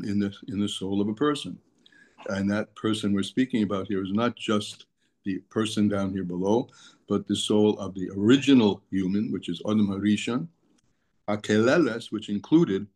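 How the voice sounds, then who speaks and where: A man's voice: on the low side, darkish tone. A man teaching a daily text lesson, explaining patiently, restating his terms, and using for the terms he quotes. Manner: explanatory, repeats and restates terms, mixes Hebrew terms into English. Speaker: Torah teacher.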